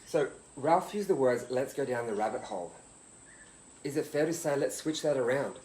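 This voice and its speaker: Interview guest guy cutting in keen with questions, mid pitch, room echo on him. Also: lively intonation, normal speed, darkish tone. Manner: interjects eagerly, then speaks to the audience. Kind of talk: conversational interview.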